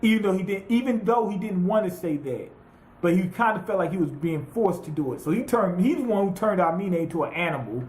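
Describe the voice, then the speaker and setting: Male anime reviewer, high voice, loose profane recap, roomy echo. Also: fairly quick. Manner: profane, rambling, animated retelling with quoted voices. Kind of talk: casual recap monologue.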